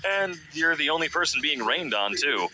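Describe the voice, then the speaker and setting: This man reads out memes and strange headlines in a comedic commentary and follows each with a wry, sarcastic aside. His voice sits fairly high and swings around a lot. Clear music plays underneath him. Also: lively intonation, moderate pace.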